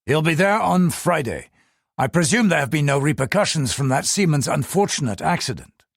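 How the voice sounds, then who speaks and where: A man's voice: on the high side, very animated, normal speed, vocal fry, husky, dry recording, clean studio sound, exaggerated voice. A man voicing a cool, authoritative government minister.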